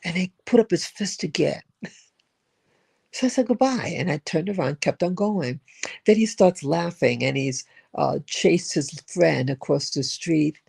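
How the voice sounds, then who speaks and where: An older speaker recounts a personal encounter in a slow, unhurried monologue. The voice is gravelly and husky with a warm, mellow tone. The speaker drifts and repeats words while searching for the thread. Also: medium pitch, lively intonation. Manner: rambling, with frequent repeats and restarts. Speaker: spiritual vlogger. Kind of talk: reflective storytelling monologue.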